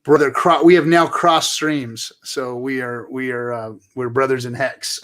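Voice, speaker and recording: A man's voice: mid-range voice, fairly even intonation, takes it slowly, a bit bright. A man co-hosting a casual crypto chat show, laid-back and joking, repeating phrases as he talks. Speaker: co-host.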